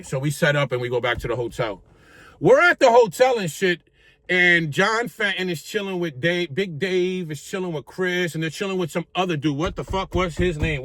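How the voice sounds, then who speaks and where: A man's voice: on the high side, no room sound. A man telling a story in casual street slang, swearing freely and acting out what people said. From Puerto Rico. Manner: animated, profane street slang, acts out quotes. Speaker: vlogger telling stories.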